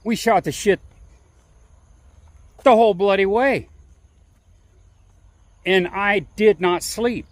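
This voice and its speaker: A man's voice: high voice, slow, pauses often, no room sound. A man vlogging as he walks, telling a story in a rambling, chatty way full of restarts and asides. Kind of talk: casual storytelling on a walk.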